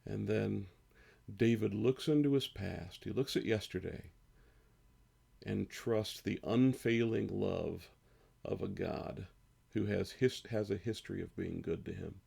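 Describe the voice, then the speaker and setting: A man in his fifties, a pastor, speaking earnestly and slowly in a devotional sermon and reading scripture aloud. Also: lowish voice, warm tone. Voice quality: gravelly, husky. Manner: slow, earnest, rises on emotional lines.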